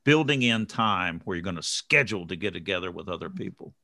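A man talking in a relaxed group chat, reflective and earnest, laughing easily. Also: low voice, fairly quick, vocal fry, dry recording, studio quality. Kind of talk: casual group chat on recovery.

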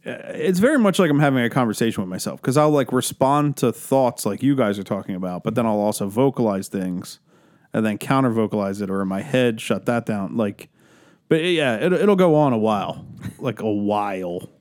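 A man's voice: lowish voice, lively intonation, a little fast, darkish tone, no echo, clean studio sound. A man co-hosting a podcast, chatting casually in a rambling, self-mocking way with many fillers. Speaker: podcast co-host. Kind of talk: casual chat.

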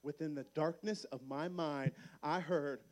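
High-voiced, animated young man preaching. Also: measured pace. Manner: animated storyteller acting out the people in his story; drops to a soft, earnest tone for the closing appeal. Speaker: camp speaker. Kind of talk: sermon-style storytelling to students. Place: large room with an audience.

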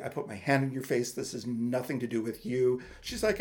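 A man co-hosts a casual podcast and tells a personal story in a halting way. He often restarts his sentences, and his voice sits at an ordinary middle pitch. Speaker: podcast co-host.

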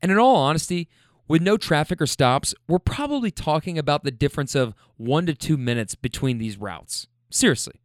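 A man's voice: on the high side, moderate pace, no echo, clean studio sound. A man, a rideshare driver, casually telling funny stories about his passengers, laughing and swearing as he goes. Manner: animated, laughing, profane. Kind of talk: casual storytelling.

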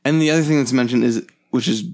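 A man's voice: mid-range voice, fast, darkish tone. A man co-hosting a podcast, chatting casually and enthusiastically about a film. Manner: chatty, enthusiastic, says "like" often. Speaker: podcast co-host.

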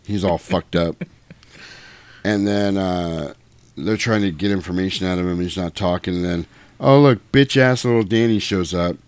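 A man's voice: low-pitched, darkish tone, clean tone, dry recording. A man casually recapping a movie scene by scene on a podcast, profane and joking. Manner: profane, joking, quick to do voices.

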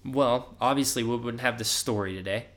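A man's voice: medium pitch, moderate pace, fairly bright tone. Man, young adult, casual podcast sermon, conversational, "right?" checks, emphatic pushes. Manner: conversational, often asks "right?", rises emphatically when urging. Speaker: preacher.

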